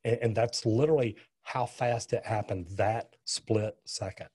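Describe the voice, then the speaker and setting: A man's voice: lowish voice, steady tone, measured pace, darkish tone, husky. A middle-aged man, a plumber and interview guest, telling a story earnestly with frequent restarts. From US West Coast.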